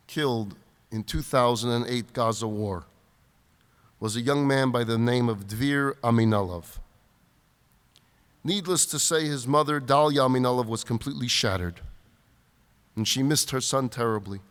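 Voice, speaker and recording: Emphatic rabbi in an echoing hall. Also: male voice, mid-range voice, clean tone. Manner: animated storyteller, emphatic. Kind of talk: sermon-style talk at a retreat. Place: large event hall, live audience. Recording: reverberant hall.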